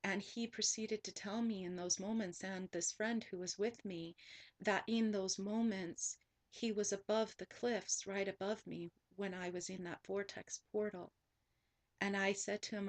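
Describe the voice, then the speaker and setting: A woman's voice: mid-range voice, steady tone, unhurried. A woman spiritual teacher telling a personal story in an earnest monologue, often repeating herself and restarting sentences.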